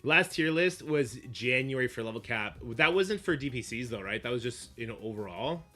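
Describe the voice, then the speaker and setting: A man streaming live, chatting casually with viewers, swearing often and getting animated. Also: mid-range voice, moderate pace, soft background music. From Canada. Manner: profane, animated, answers chat. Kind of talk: casual livestream chat.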